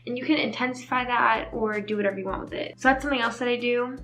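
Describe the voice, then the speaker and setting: A woman's voice: a little high, fairly even intonation, quick pace, a bit bright, faint music behind. Young woman tutor, chatty and upbeat, talks through edits casually; echoey room sound. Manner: chatty, upbeat, uses "like" often. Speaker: video editing tutor. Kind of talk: casual screen-recorded tutorial.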